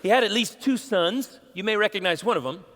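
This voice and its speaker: A man's voice: sits high, animated, a little fast, fairly bright tone, long reverb tail. A man, a pastor, preaching a sermon in a casual storytelling way, acting out bits of dialogue.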